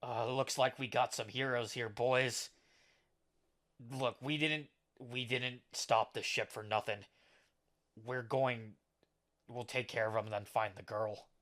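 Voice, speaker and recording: A man's voice: mid-range voice, fairly even intonation, slow pace, a bit bright. A man playing a menacing pirate boss. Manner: threatening, barking orders. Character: gruff menacing male pirate leader.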